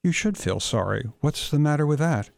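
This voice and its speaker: A man reading as a calm, level-voiced man. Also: on the high side, moderate pace, creaky, dry recording, pitched above the performer's own voice. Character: calm, steady adult man.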